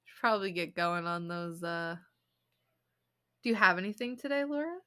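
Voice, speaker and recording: A woman's voice: fairly low pitch, animated, normal speed, a bit bright, clear, resonant tone. A young woman co-hosting a podcast in casual chat, rambling with lots of fillers and giggles. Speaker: podcast co-host.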